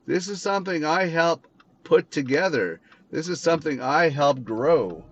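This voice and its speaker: A man's voice: on the high side, animated, a little slow. A Canadian man hosting a podcast, ranting angrily and swearing a lot in an unscripted monologue while driving. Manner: angry, profane, repetitive ranting. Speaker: podcast host. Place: inside a car, driving. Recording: dull lo-fi with faint car noise.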